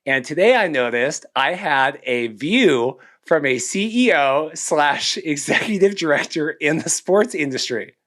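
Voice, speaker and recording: A man's voice: a little high, animated, a little slow, hardly any pauses, fairly bright tone. Rambling man podcast co-host. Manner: rambling, self-deprecating, restarts often. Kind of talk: casual podcast chat.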